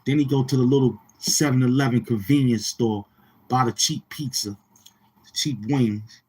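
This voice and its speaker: A man's voice: mid-range voice, moderate pace, a little mellow, breathy edge. A man giving rambling, taunting street-talk commentary on his channel, repeating himself in heavy slang. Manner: repetitive, taunting, slangy delivery. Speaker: commentary vlogger.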